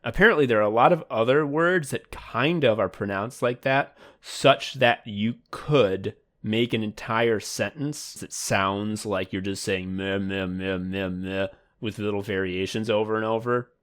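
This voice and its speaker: A man's voice: on the low side, moderate pace, few pauses, a bit bright. A man co-hosting a comedy podcast, rambling in a mock sports announcer manner. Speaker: podcast co-host.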